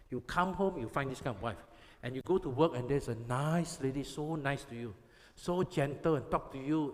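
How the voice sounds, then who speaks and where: A man's voice: on the high side, fairly bright tone. A man from Malaysia, preaching a sermon to youth. He is emphatic and repetitive, often checking with the audience whether they understand. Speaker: pastor. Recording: long reverb of a hall.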